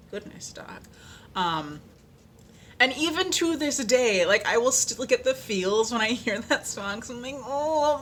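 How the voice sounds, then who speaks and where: A woman vlogger chatting casually, animated and playful, with lots of fillers and little sung snippets. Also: on the low side. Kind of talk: casual chat.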